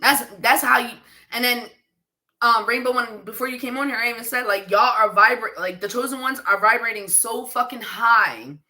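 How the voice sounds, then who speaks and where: With a fairly high, sharp voice at normal speed, a Pennsylvania woman hosts a psychic-reader livestream. She responds to viewer comments in a blunt, casual manner, laughing and swearing often.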